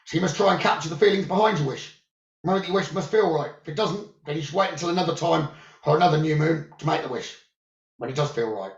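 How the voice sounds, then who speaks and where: A man who works as a psychic medium, giving calm, soothing spiritual guidance about the new moon, crystals and journaling. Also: a little high, quick pace, gravelly. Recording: roomy, dull lo-fi sound.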